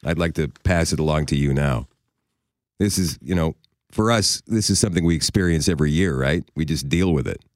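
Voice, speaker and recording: A man with a very low, deep voice hosts a radio show, easygoing and conversational as he reads out a listener's letter. His sound is dry and close, with no room around it. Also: brisk, no echo. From Canada. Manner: chatty, conversational, with asides and chuckles. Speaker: radio host. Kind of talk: radio talk, reading a listener's email aloud.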